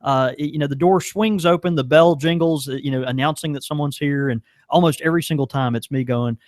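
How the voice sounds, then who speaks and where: A man's voice: a little high, brisk, no room sound. Laughing man, dry close sound. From American South. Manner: laughs often, stumbles and restarts. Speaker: podcast co-host and pipe shop worker. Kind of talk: casual chat. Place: small pipe shop.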